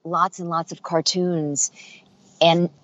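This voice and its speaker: In a dry, muffled recording, the middle-aged voice actor and dialect coach speaks slowly in a fairly low voice. Chatting in a casual interview, she tells lively stories and imitates the voices she quotes.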